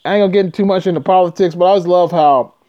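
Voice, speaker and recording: A man's voice: sits high, racing. A man hosting a trucking channel, reading news stories aloud and breaking off into blunt, profane rants. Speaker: trucking video host. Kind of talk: casual commentary on news. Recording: dull lo-fi sound.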